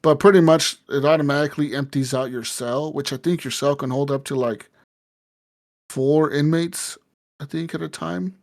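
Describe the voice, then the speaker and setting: A man hosting a loose gaming podcast, his voice sitting a bit high for a man. He rambles and circles back, stacking filler words and profanity as he recounts what happened. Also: fairly even intonation, normal speed, gravelly. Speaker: podcast host. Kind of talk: casual gaming podcast chat.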